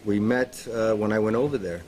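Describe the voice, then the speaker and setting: Man, Brooklyn accent, forties, lively storyteller, faint hiss behind. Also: fairly low pitch, fairly quick. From Brooklyn, New York. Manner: animated storytelling, acts out voices. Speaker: actor guest. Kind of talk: talk show anecdotes.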